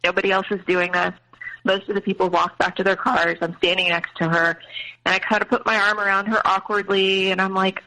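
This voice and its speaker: A woman's voice: mid-range voice, level tone, a little fast, sharp tone, poor audio. A woman guest telling a personal family story in an interview, hesitant, with many fillers and restarts.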